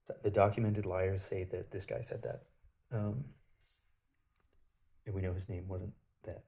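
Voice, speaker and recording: A man's voice: lowish voice, dark tone. A man telling stories in a rambling, casual monologue, swearing freely. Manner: rambling, profane storytelling.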